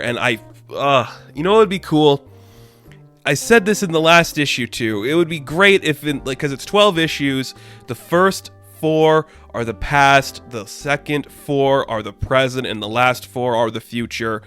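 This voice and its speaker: A man's voice: on the high side, animated, normal speed, fairly bright tone, soft background music. A man reviewing a comic book in a casual, sarcastic and exasperated rant, addressing his viewers directly.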